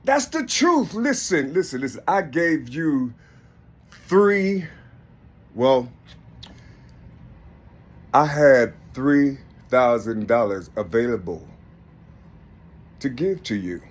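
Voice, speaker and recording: Rambling, laughing man, lively pitch. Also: slow pace, pauses often. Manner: rambling, laughs often, repeats "listen" and "you see"; addresses an unseen listener as if arguing. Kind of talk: casual spoken monologue.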